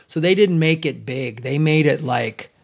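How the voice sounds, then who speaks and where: A man's voice: fairly high pitch, unhurried, creaky. A man co-hosting a film podcast, talking bluntly and emphatically and cursing freely. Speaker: podcast co-host. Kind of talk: casual film chat.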